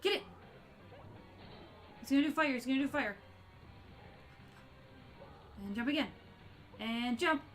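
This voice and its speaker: A woman streams a video game and reacts out loud, gasping and yelping at each surprise. Her voice is bright and forceful, sitting a touch high for a woman. Soft music plays faintly underneath. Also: normal speed. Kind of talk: live gameplay commentary.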